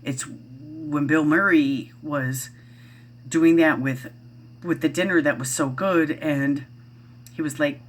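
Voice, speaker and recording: A woman's voice: low voice, steady tone, takes it slowly, a little hiss or hum. A middle-aged woman vlogging at home, chatting casually in a rambling way with lots of fillers and restarts. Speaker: parent vlogger. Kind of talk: casual chat to camera.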